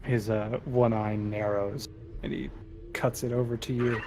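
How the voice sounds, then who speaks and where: A man's voice: fairly low pitch, little pitch movement, unhurried, music in the background. A man running a tabletop game as game master, narrating casually and quizzing the players.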